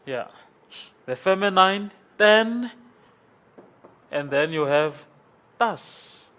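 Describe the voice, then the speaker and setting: Slow, patient man teaching in class. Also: high voice, animated, bright, forceful tone. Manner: patient, repeats forms and checks with "okay?". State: congested from sinus trouble. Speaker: Greek language teacher. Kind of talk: classroom lecture. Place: classroom with a board.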